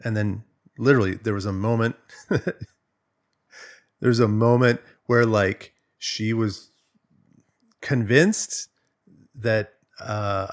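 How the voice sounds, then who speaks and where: Low gravelly man, casual coach talk. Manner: conversational, loose, animated storytelling. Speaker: relationship coach. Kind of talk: casual explanatory monologue.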